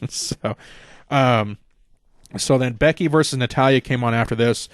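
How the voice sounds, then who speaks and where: A man's voice: medium pitch, moderate pace, pauses often, no echo, studio quality. A man hosting a podcast, recapping a show in a casual, rambling way with lots of swearing and fillers. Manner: rambling, profane, many fillers. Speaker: podcast host.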